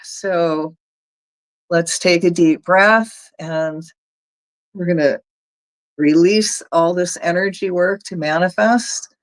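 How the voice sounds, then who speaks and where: A woman's voice: fairly low pitch, a little slow, poor audio. A woman with a Southern US accent, an energy healer leading a chatty, folksy guided energy work session for viewers. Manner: chatty, folksy, talks viewers through steps.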